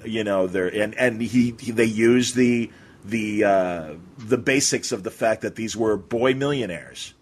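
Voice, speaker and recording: Man, podcast host, husky, eager, rambling, chatty. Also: lowish voice, unhurried. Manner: enthusiastic, rambling, lots of restarts and fillers. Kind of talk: casual podcast conversation.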